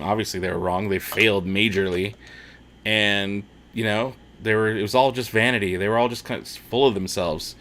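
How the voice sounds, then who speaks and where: A man's voice: on the low side, moderate pace, fairly bright tone. A man hosting a casual watch-party livestream, reading chat comments aloud and laughing often.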